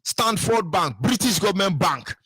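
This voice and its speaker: A man's voice: high voice, animated, normal speed, pushed and bright, slightly rough, no echo. An older man with a Nigerian accent, delivering an impassioned political monologue with emphatic repetition and sing-song rises. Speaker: political commentator.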